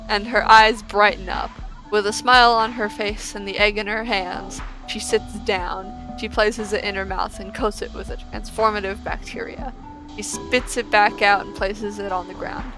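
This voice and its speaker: A woman's voice: medium pitch, bright, forceful tone. A woman playing a text-based game, reading its passages aloud and giggling through casual reactions in between. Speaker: let's player.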